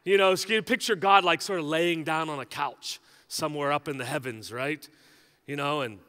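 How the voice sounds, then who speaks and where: A man's voice: on the high side, normal speed, bright, forceful tone, long reverb tail. A male pastor preaching a sermon in a conversational, joking way, often checking in with the congregation. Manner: conversational and joking, with frequent "right?" asides.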